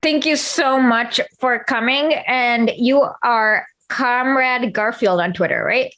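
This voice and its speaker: A woman's voice: on the high side, slow pace, a bit bright. Giggly, eager woman host. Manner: giggly, restarts often, explains eagerly. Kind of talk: casual chat.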